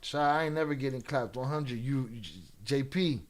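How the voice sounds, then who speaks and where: Over a faint hiss or hum, a man with a mid-range voice hosts a livestream at normal speed. He chats loosely with viewers, needling them with profane banter.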